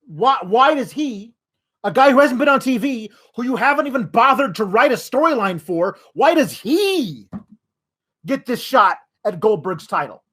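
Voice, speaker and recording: A male podcast host vents in an exasperated, profane rant. His voice sits high for a man, and the swearing never lets up. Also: big pitch swings, moderate pace, pushed and bright, slightly rough. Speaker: wrestling news podcast host.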